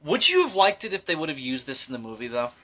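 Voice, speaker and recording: A man's voice: mid-range voice, very animated, fairly bright tone. A man co-hosting a casual podcast, blunt and swearing as he mocks things. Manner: blunt, swearing, quick to mock. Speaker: podcast co-host.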